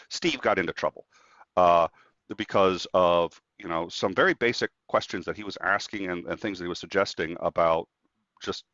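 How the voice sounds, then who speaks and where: A man with a fairly low voice chats as a guest and tells stories with animation, acting out the voices of the people in them. The sound is dry and a little dull and lo-fi. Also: moderate pace, dry recording. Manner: animated storyteller acting out quotes. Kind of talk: casual conversation.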